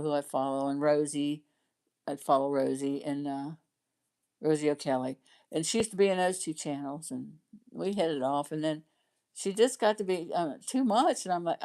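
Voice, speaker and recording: Chatty woman, low voice, rambling. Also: normal speed, darkish tone. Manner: rambling, chatty, laughs often. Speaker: livestream host chatting with viewers. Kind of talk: casual livestream chat.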